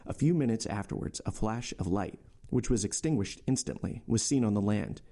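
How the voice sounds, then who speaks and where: A man narrating a classic novel for his podcast, measured and steady. His voice is fairly low, with a mellow, soft tone. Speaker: podcast host reading a novel aloud. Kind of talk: audiobook narration.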